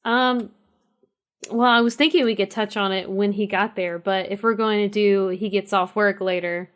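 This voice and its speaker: A woman's voice: medium pitch, steady tone, moderate pace. A woman playing a character in a tabletop role-play, talking with hesitations and restarts. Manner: hesitant, lots of fillers and restarts. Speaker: player.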